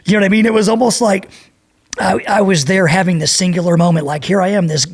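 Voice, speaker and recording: A man's voice: high-pitched, steady tone, fast, husky. A man in his fifties, a podcast guest, telling rambling, profane war stories in a casual way. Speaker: podcast guest, former Navy SEAL. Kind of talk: casual storytelling.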